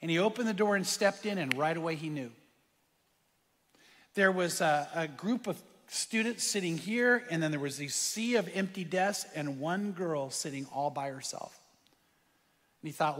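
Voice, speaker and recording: Husky-voiced preacher in a reverberant hall. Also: male voice, a little high, normal speed, fairly bright tone. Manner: earnest storyteller who addresses the congregation directly. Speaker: pastor. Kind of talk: sermon storytelling.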